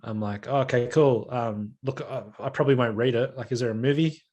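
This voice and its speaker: Casual storytelling podcast host. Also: male voice, mid-range voice, a little fast, a little mellow, dull audio. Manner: storytelling with acted-out quotes. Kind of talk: casual chat.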